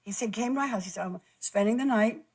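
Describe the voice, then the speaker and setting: A woman telling a personal story in a halting way, stumbling and repeating words, close to tears. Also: on the high side, a little mellow, poor audio. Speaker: guest recounting an experience.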